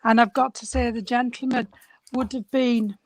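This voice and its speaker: A woman giving a mediumship reading, her voice going hoarse, calling the sitter sweetheart and darling. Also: a little high, fairly even intonation, normal speed, a little mellow, no echo.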